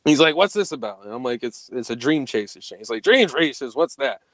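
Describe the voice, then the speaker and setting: A young man telling a story in casual podcast chat, profane and animated, acting out the quoted dialogue. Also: medium pitch, fast, no room sound.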